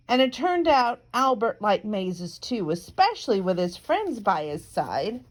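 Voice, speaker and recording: Slow, careful woman reading a storybook. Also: mid-range voice, sing-song. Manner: slow, careful, with chatty asides. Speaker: reader. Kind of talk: reading a picture book aloud.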